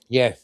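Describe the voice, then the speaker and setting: A man's voice: mid-range voice, vocal fry, breathy edge. A man with an Australian accent, a military veteran guest ranting angrily and swearing constantly. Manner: heated, swears constantly, repeats himself. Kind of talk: angry profane rant.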